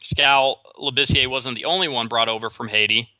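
A man hosting a sports talk show alone, giving opinionated commentary with quick restarts. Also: medium pitch, steady tone, sharp tone, dry recording. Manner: opinionated, rapid with frequent restarts.

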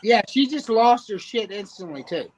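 A man's voice: sits high, expressive, normal speed, low-quality recording. A man co-hosting a podcast in casual chat, blunt and swearing, laughing along. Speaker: podcast co-host.

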